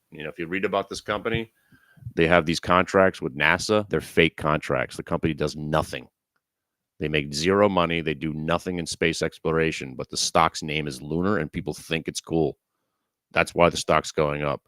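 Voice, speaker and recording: A man's voice: sits low, fairly bright tone. A middle-aged man hosting a live stock trading room, ranting frantically with lots of swearing. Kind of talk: live market commentary.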